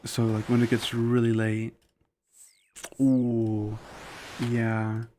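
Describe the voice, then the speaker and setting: Guy streaming a game and rambling to chat, says "like" constantly, blunt opinions, average pitch. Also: completely flat delivery, very slow, dark tone, a little hiss or hum. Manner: rambling, loose, with constant "like" fillers; opinionated and candid. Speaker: live streamer. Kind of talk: casual live-stream chat while gaming.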